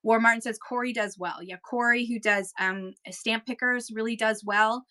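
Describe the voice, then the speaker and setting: A woman's voice: fairly high pitch, steady tone, moderate pace, sharp tone. A woman hosting a live seller chat, talking casually and rambling, slipping into auctioneer patter, with a Kentucky accent. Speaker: host giving seller tips.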